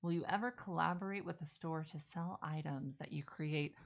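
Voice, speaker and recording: Speaking at normal speed in a deep, creaky voice, this woman streams live while crafting, chatting with viewers and answering their questions. The audio is poor, and she rambles and self-corrects, clearly excited whenever films come up.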